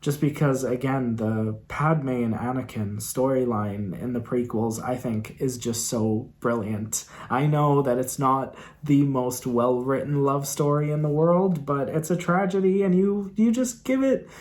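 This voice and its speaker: A man's voice: mid-range voice, a little slow, hardly any pauses, a little mellow. A man hosting a reaction video in his bedroom, talking about a show in an earnest, emotional, rambling way. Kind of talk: casual film review talk.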